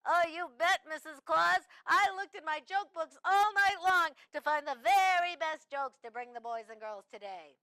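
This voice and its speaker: A woman's voice: very high voice, moderate pace, few pauses, sharp tone, no room sound, heavily acted. A woman voicing Freddy, an eager male sidekick who tells corny jokes to children. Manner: eager, childlike joke-telling.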